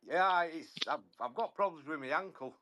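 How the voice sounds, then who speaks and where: A man chatting about football on a podcast, often halting and repeating words as he talks. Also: fairly high pitch, background noise. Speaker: podcast regular, football fan. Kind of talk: casual football chat.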